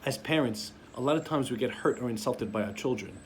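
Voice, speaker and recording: A man's voice: medium pitch, fairly quick, a little hiss or hum. A man giving a sermon as a rabbi, telling stories and acting out the voices of parents and children. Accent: Sephardic-community American English.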